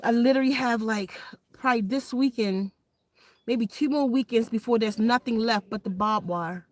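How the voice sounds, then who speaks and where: Emphatic grandmother with a high voice. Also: normal speed, no room sound. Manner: emphatic, preachy, plain-spoken. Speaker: spiritual wellness vlogger. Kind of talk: casual direct-to-camera appeal.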